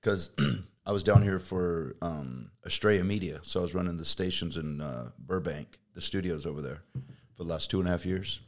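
Middle-aged Midwestern man, deep low register, easygoing podcast guest who muses aloud. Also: normal speed. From Midwest, Kansas. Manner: relaxed storytelling, thinks aloud. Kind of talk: casual chat.

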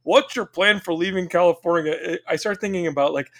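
A young man co-hosting a podcast, telling stories in a casual, animated way. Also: high voice, brisk. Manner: animated, does voices of family members. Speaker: podcast co-host. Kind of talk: casual storytelling chat.

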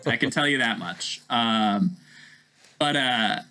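A man's voice: medium pitch, lively intonation, slow pace, bright, forceful tone, low-quality recording. A man in his thirties chatting casually as a podcast guest, rambling with plenty of fillers. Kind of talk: casual chat.

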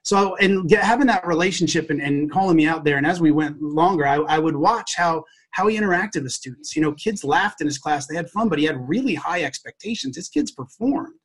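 A man with a husky, somewhat high voice tells an emotional personal story from his teaching years. He speaks earnestly and from the heart, often stopping and restarting his sentences as he goes. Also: expressive, fairly quick, hardly any pauses. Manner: acts out quoted dialogue. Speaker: educator and podcast guest.

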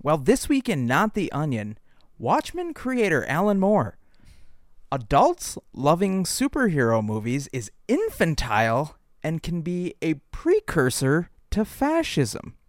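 Lively man tossing quick jokes. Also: a little high, dry recording, studio quality. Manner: quick joking interjections. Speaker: podcast co-host. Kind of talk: casual comedic chat.

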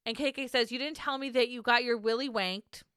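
Bright, crisp-voiced woman recapping bluntly. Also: fairly high pitch, fairly quick, dry recording, clean studio sound. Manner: blunt, profane, laughs often. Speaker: podcast co-host. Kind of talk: casual recap chat.

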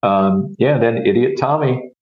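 A man guesting on a podcast, chatting in a relaxed way with a lot of ums and uhs. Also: mid-range voice, a little slow. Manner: relaxed, with many fillers. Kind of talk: casual chat. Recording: roomy, dull lo-fi audio.

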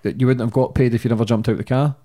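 A man's voice: medium pitch, fairly even intonation, rapid-fire, warm tone. A man interviewing a guest, mostly giving short listening replies and asking brief questions. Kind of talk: casual interview.

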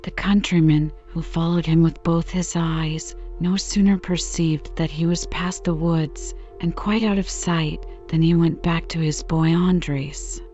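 Calm woman reading a bedtime story. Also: deep voice, lo-fi sound, soft background music. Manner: calm, even, unhurried. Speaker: narrator.

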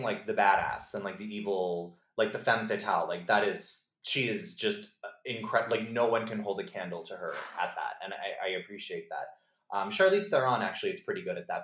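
A man's voice: fairly low pitch, fairly quick, roomy sound. A man co-hosting a podcast, talking casually about films, chatty with lots of "like" and "um". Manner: chatty, frequent "like" and "um", animated mock voices. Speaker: podcast co-host. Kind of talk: casual film discussion.

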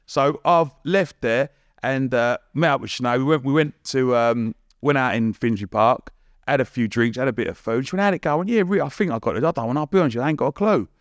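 A man's voice: medium pitch, no room sound, clean studio sound. Cheeky London man telling stories. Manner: lively anecdote-telling, acts out quotes, laughs often; blunt and cheeky, swears casually. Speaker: podcast guest. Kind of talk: casual storytelling.

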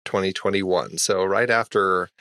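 A man co-hosting a casual movie podcast, easygoing, pausing with fillers. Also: low-pitched, fairly even intonation, a bit bright, dry recording, clean studio sound. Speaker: podcast co-host. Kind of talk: casual chat.

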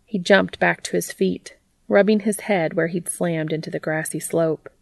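A woman reading fiction aloud as a narrator, in a steady, even way. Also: lowish voice, normal speed, creaky, no room sound. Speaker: audiobook reader.

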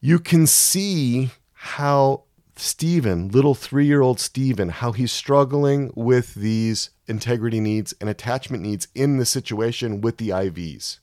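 A man giving a sermon-style Bible teaching, emphatic and measured, reading scripture and explaining it. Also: mid-range voice, a little mellow, no echo, clean studio sound. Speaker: Christian teacher.

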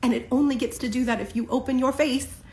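A woman giving an impassioned spiritual tarot reading, speaking emphatically with slow, deliberate pauses. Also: high voice, fairly even intonation, darkish tone, roomy sound, rough recording. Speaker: tarot reader. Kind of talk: spiritual reading for a general audience.

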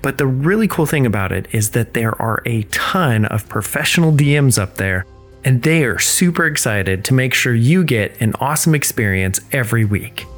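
A man's voice: mid-range voice, animated, moderate pace, faint music behind. A man, the game master and creative director, reading a podcast sponsor ad and intro with promotional enthusiasm. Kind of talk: podcast ad read and intro narration.

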